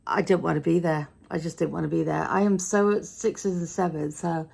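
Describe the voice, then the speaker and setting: Low, gravelly British woman vlogging. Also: fairly even intonation, a little fast, a little mellow. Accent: British English. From Britain. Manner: chatty, grumbling storyteller with wry asides. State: mildly frustrated and tired. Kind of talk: casual day-in-the-life vlog chat.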